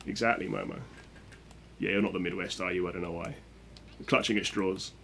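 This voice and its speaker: A man's voice: deep voice, steady tone, fairly quick, fairly bright tone, slight background noise. A man streaming a speedrun, chatting and joking casually with his viewers. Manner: joking, chatty, reads chat aloud. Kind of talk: casual chat with viewers while playing.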